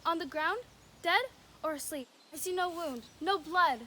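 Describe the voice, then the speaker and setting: A woman's voice: extremely high pitch, normal speed, bright, forceful tone, a little hiss or hum. A young woman playing a spurned young woman, delivering earnest, breathless, pleading verse at an outdoor youth stage performance.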